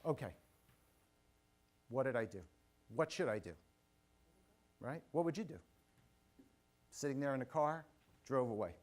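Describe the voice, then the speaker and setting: Before a live conference audience, a middle-aged keynote speaker with a mid-range voice tells a motivational personal story. He keeps things animated, slipping in quick asides and questions to involve the room.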